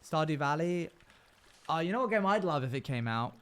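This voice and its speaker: A man's voice: fairly high pitch, animated, fairly quick, a bit bright, smooth. A male live streamer chatting casually and playfully, often humming and scatting between remarks. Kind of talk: casual chat while gaming on stream.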